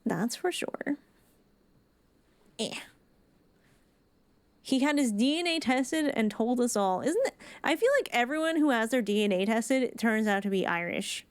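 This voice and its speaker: A woman's voice: a little high, animated, normal speed, clean tone, dry recording. A woman streamer giving chatty, playful commentary while playing a story game, drifting into rambling asides. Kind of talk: casual let's-play commentary.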